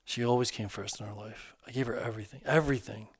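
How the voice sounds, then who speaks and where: A man voicing a divorced man in middle age opening up earnestly about an old hurt, in casual, halting speech. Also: fairly low pitch, level tone, close to an everyday voice.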